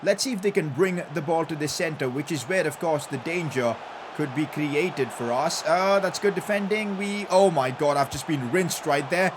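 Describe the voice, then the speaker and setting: A young man giving live commentary over his football video game session, excitable and breaking into loud cheers at the goals. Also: fairly high pitch, normal speed, background noise. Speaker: gaming YouTuber.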